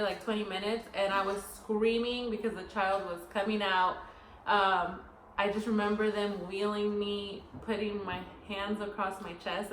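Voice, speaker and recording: A young woman chatting casually as a co-host, telling a long story in a rambling, animated way. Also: mid-range voice. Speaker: podcast co-host. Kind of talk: casual chat. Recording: echoey room, faint noise.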